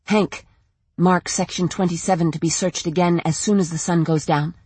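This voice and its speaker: The narrator voicing a frantic, sharp-tongued woman searching for her children, snapping and insistent. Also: medium pitch, steady tone, moderate pace, slightly rough, no echo, lightly acted.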